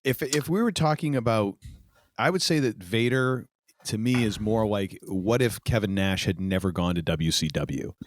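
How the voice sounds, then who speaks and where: A man's voice: lowish voice, normal speed, a little hiss or hum. A man co-hosting a casual podcast chat, giving wry, opinionated asides. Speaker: podcast co-host.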